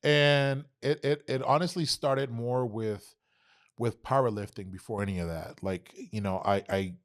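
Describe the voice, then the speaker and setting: Speaking at medium pitch and a measured pace, a man in his thirties from Texas guests on a podcast. He relates stories casually and with animation, swearing plenty and playing out the dialogue of people involved.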